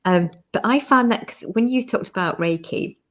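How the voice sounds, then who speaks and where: A woman with a fairly high voice, speaking at normal speed, hosts a relaxed interview over a video call. She's a chatty storyteller who laughs as she shares anecdotes and acts out what people said.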